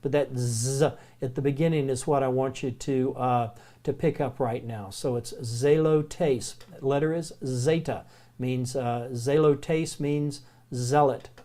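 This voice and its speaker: A man with a Southern American accent teaching the Greek alphabet in a relaxed, chatty way, slowly repeating each word. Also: medium pitch. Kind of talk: recorded classroom lecture.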